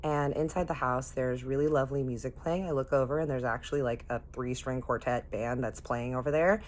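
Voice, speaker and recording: A woman's voice: very deep voice, brisk, a little hiss or hum. A woman telling a personal story to her viewers in a casual, chatty way, acting out what people said. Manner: chatty, animated retelling with quoted voices. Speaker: storytime vlogger.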